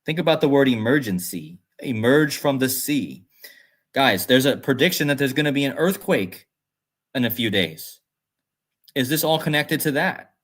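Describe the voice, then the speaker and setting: A man's voice: medium pitch, animated, normal speed, fairly bright tone. Man musing aloud on a livestream. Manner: rambling, musing aloud, reads chat comments. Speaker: livestream host. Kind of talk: casual livestream talk.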